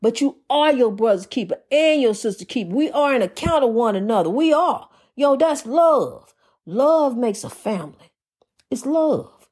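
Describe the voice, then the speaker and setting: A woman's voice: on the high side, expressive, normal speed, darkish tone, husky. A woman preaching an informal sermon in rhythmic, repeated refrains, folksy and calling her listeners honey.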